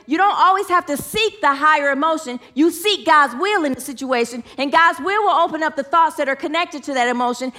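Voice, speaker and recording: Woman giving a sermon, high bright voice, earnest, gets animated telling stories. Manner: earnest, leads the group in affirmations. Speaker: spiritual teacher.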